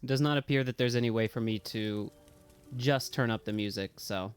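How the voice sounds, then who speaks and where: A man's voice: mid-range voice, normal speed, faint music behind. A man streaming a video game live, chatting casually, swearing and yelping when things go wrong. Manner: excitable, swears freely, yelps and talks to chat. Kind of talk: casual live gameplay commentary.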